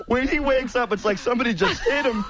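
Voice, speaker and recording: A man telling a funny trip story as a radio show regular, excited, laughing as he talks and acting out the quotes. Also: very high voice, fast, a loud crowd. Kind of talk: casual storytelling.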